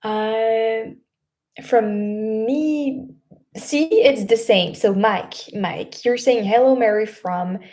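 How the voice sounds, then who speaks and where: Chatty French woman with a mellow voice. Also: fairly high pitch. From France. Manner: chatty, laughs often, many fillers and restarts. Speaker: vlogger hosting a livestream. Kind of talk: casual livestream chat, reading comments.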